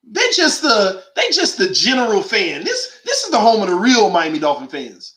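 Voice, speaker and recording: A man's voice: high voice, huge pitch swings, moderate pace, few pauses, fairly bright tone, roomy sound. A man hosting a call-in sports show, delivering an emphatic, slangy monologue full of rhetorical questions. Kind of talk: animated opinionated monologue.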